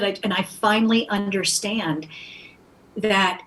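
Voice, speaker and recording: A woman's voice: medium pitch, a little slow, a little hiss or hum, low-quality recording. A middle-aged actress telling stories in conversation, acting out the people she quotes. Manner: animated anecdotes with acted-out quotes. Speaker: actress, guest. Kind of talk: conversational storytelling.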